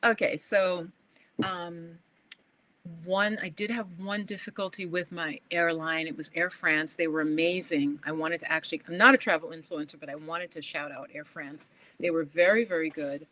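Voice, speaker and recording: A chatty woman from New York with a fairly low voice talks at a normal speed, hosting a livestream and casually chatting to viewers. She tells travel stories with animation, acting out quoted exchanges, often saying "like" and laughing.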